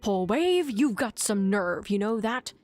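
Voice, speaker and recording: A woman voicing a stern male gang boss, sharp and scolding. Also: mid-range voice, big pitch swings, unhurried, dry recording, soft background music. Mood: angry.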